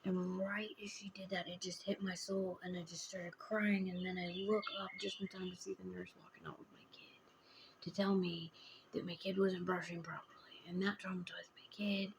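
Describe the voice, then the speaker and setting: Middle-aged woman, gravelly voice, confessional vlogger; raw, halting, often hushed delivery. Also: lowish voice, little pitch movement, noisy background. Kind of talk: personal confessional vlog.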